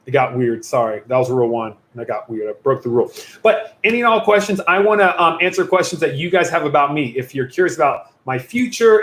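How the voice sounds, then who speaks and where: A young youth pastor hosting a casual livestream, talking in a goofy, rambling way full of jokey asides. His voice sits a little higher than most men's. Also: a bit bright, reverberant.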